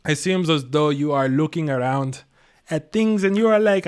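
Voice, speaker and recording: A man's voice: a little high, expressive, normal speed, a little mellow, smooth. A man giving a casual live tarot reading, slangy and laid-back, chuckling to himself. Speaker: tarot reader and astrologer.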